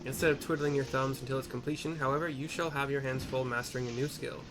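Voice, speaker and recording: A man voicing an excitable male noble inventor who speaks in formal, theatrical, archaic phrasing. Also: medium pitch, quick pace, over music, natural voice.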